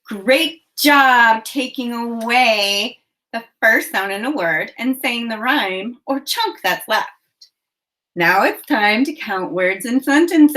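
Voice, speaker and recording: A woman teacher leading a phonics lesson for young children, speaking clearly and encouragingly. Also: fairly high pitch, sharp tone. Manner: slow, clear, encouraging enunciation.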